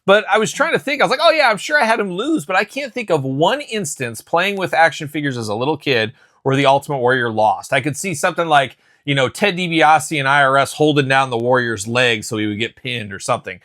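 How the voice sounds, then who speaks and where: A man hosts a casual chat show and tells stories with plenty of energy. His voice is bright and forward, and he sits at middling pitch. The sound is dry and close, with no room echo. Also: a little fast, few pauses. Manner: chatty, animated storytelling. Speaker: host.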